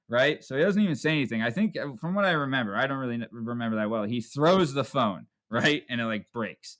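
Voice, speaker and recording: A man's voice: mid-range voice, quick pace, hardly any pauses, a bit bright. A man hosting a podcast, telling a story casually and profanely, tagging lines with "right?". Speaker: podcast host.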